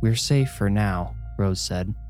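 Man voicing a troubled mother, low voice, even storytelling tone, music behind. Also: slow pace. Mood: mournful. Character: worried mother, scolding then mournful.

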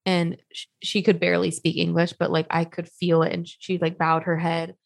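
A woman's voice: fairly low pitch, completely flat delivery, brisk, gravelly, no room sound, clean studio sound. A young adult woman co-hosting a podcast, chatting casually and telling stories, full of little fillers. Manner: chatty, storytelling with many likes. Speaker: podcast co-host. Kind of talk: casual chat.

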